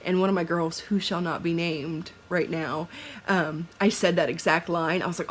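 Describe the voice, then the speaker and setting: Young female vlogger, husky, very animated pitch, laughs a lot, casual chatter. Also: normal speed. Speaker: cross-stitch vlogger.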